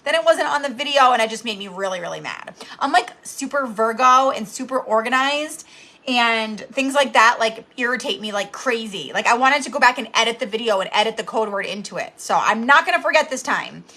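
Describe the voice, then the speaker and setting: A woman's voice: fairly high pitch, expressive, fairly quick, bright, forceful tone. A woman in her thirties hosting a live craft tutorial from home, chatty and bubbly, greeting viewers by name as she talks. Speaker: craft channel host.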